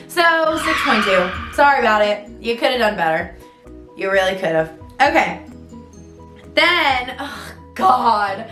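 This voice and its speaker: A woman's voice: mid-range voice, expressive, takes it slowly, long pauses. A young woman vlogging casually, chatty and full of fillers, with dramatic swings in her storytelling. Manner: chatty, many fillers, dramatic ups and downs. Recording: roomy sound with faint music.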